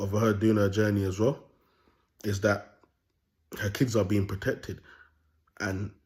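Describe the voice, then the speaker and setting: His voice sits on the low side and sounds a little mellow. The young man improvises a monologue as a self-styled prophet, using street slang in a raw, bold way with rambling repeats.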